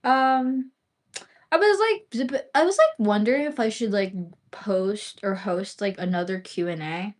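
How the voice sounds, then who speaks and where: A woman's voice: medium pitch, unhurried. A young woman hosting her own livestream, chatting casually and rambling with many "like" and "um" fillers. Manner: rambling, heavy use of "like" and "um" fillers. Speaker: livestream host.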